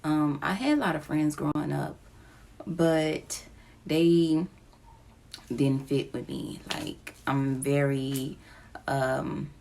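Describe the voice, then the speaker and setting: A woman speaks into her phone in a personal confessional vlog. Her voice sits low with a gravelly fry, and she talks slowly, pausing often. She sounds emotional and close to tears. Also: darkish tone, a little hiss or hum. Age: adult with children. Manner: slow, halting, emotional, near tears. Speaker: vlogger. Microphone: phone app recording.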